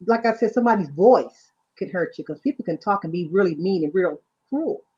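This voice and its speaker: A woman's voice: fairly low pitch, expressive, fairly quick, warm tone, breathy edge. A woman hosting a livestream, giving casual faith talk and often asking "you know what I'm saying". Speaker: livestream host. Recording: dull lo-fi sound.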